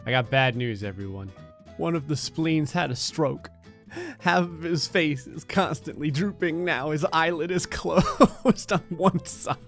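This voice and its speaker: A man giving sarcastic, comedic commentary over a life-sim game, often jumping into silly high voices. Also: lively intonation, unhurried, creaky, a bit bright, faint music behind. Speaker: gaming channel host.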